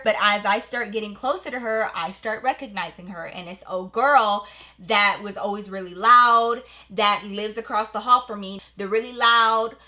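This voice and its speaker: A woman beauty vlogger telling a story while doing her makeup at home, in an animated, profane, slangy way. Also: on the high side. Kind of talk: get-ready-with-me storytime.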